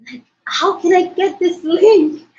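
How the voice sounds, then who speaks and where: A woman hosting a casual livestream from her mobile phone, hyper, excitable and loud as she greets her viewers. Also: very high voice, takes it slowly, a little hiss or hum. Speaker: livestream host. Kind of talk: casual live-stream chat. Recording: roomy, dull lo-fi phone audio.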